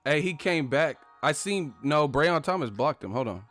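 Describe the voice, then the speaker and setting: A man hosting a live chat stream, talking casually and trash-talking commenters with loud bursts and laughs. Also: fairly high pitch, lively intonation, normal speed, faint music behind. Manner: brash trash talk, frequent laughing.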